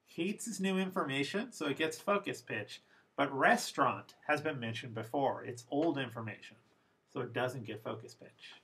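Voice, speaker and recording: A man teaching English pronunciation in a recorded lesson, explaining slowly and with deliberate emphasis. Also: mid-range voice, animated, a bit bright, breathy edge, rough recording.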